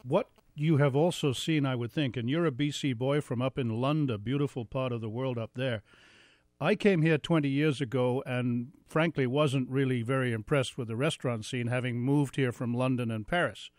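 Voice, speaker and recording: A man's voice: medium pitch, moderate pace, darkish tone, no room sound. A man hosting a radio show in the studio, chatty and lightly teasing with his guest. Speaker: radio host. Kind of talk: radio interview.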